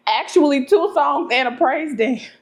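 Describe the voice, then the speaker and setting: A young woman telling stories to camera in a vlog, animated and laughing often. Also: sits high. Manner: animated, laughs often, talks fast when excited. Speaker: vlogger. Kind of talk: casual storytelling to camera.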